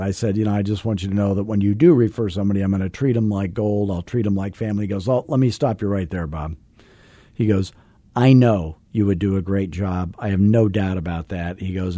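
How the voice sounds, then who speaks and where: A man with a low, mellow voice hosts a real estate coaching podcast. He tells a jokey anecdote in a casual way and voices both sides of a phone call. The recording is dry and close. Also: no echo.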